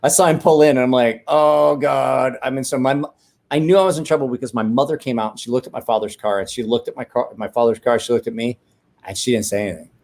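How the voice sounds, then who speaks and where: Talking fast in a mid-range, darkish voice, a livestream host sips a beer at home and tells meandering stories full of swearing. He often stops to correct himself and start over.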